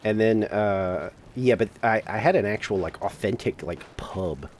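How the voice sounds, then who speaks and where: A man's voice: fairly low pitch, unhurried, slight background noise. A man chatting casually with friends while playing a game, laughing and swearing often. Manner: laughs often, swears, puts on silly British voice. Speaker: gamer friend on stream. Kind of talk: casual chat while gaming.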